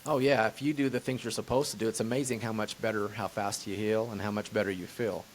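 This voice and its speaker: A man who works as a chiropractor, answering interview questions in a halting, casual way. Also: on the low side, steady tone, a little hiss or hum. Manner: hesitant, lots of fillers and restarts. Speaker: chiropractor guest.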